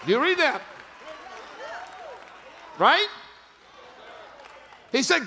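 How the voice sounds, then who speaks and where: A male pastor preaching a sermon in a large church, breaking into shouted, rising bursts. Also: very high voice, animated, a little slow, pauses often, some chatter behind, slight background noise. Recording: reverberant church hall with music.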